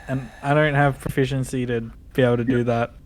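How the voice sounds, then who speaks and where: A man's voice: mid-range voice, little pitch movement, a little fast. A man playing a tabletop game, hesitant and thinking aloud about his moves. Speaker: player. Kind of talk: casual tabletop game chat.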